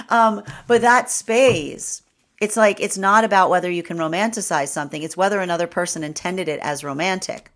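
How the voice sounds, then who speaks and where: A woman's voice: fairly low pitch, moderate pace, fairly bright tone. A woman tarot reader giving a live astrology reading, rambling with many fillers and restarts and laughing often.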